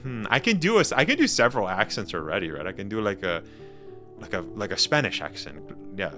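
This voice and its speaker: Animated, lively male game streamer. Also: lowish voice, quick pace, soft background music. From Canada. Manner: animated, slangy, laughs often. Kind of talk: casual live-stream chat.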